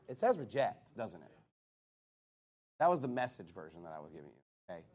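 A man's voice: lowish voice, big pitch swings, brisk, pauses often, darkish tone. A man preaching a sermon, emphatic and blunt, driving points home with rhetorical questions he answers himself.

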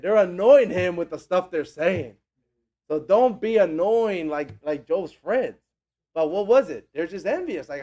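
Animated conversational preacher, man. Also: high-pitched, measured pace. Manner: animated, conversational, acts out quotes. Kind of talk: sermon.

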